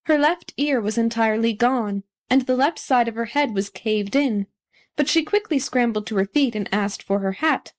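A woman reads a children's story aloud in an even, clear storytelling voice. Her voice sits a bit high. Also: normal speed. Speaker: narrator. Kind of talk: storybook audiobook reading.

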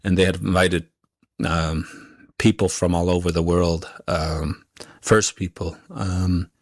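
Man, very low voice, monotone delivery, halting with lots of fillers, dry sound. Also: no room sound. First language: Inuktitut. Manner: halting, many pauses and fillers. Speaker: guest musician. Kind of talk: conversational interview answer.

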